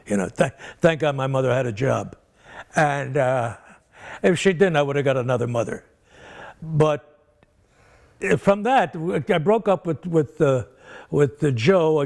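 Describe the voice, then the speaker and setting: This man's voice sits on the high side, with vocal fry and a touch of mellowness. He's an older comic in an interview, wandering through anecdotes from his career and performing the people who appear in them.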